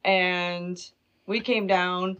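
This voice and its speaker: A woman's voice: lowish voice, extremely slow, smooth, dull audio. A woman guest, a dog trainer, telling stories animatedly and acting out quoted lines. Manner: animated storyteller, acts out quotes. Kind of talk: storytelling interview.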